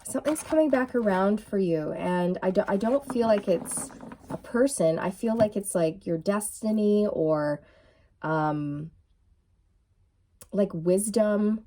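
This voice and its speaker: A woman giving a casual, excitable tarot reading to her viewers, full of fillers and restarts, with a frog in her throat. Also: mid-range voice, slow. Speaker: tarot reader. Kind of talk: intuitive tarot reading to camera.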